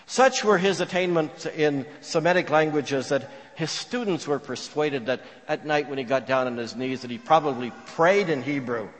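Male preacher, earnest storyteller, a bit high-pitched, big reverberant hall. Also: normal speed, few pauses. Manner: earnest storytelling, drops to a hush for quoted prayers. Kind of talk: sermon. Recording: long reverb of a large hall.

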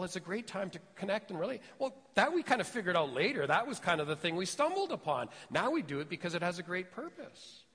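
A man preaching a sermon in a relaxed, talking style, his voice a little high for a man. He often sinks into soft, low tones to press a point home. The sound carries a long reverb from a church sanctuary. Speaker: pastor.

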